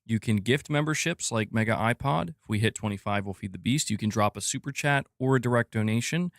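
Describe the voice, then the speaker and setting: A man's voice: fairly low pitch, a little fast, no echo, clean studio sound. A man hosting a gaming news live stream, chatting casually and reading viewer comments. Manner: animated, talks to chat, reads comments aloud. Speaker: podcast host.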